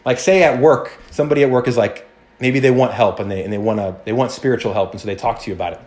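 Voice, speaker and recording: A male pastor preaching a sermon in an animated, conversational way, often restarting and acting out quotes. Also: mid-range voice, fast.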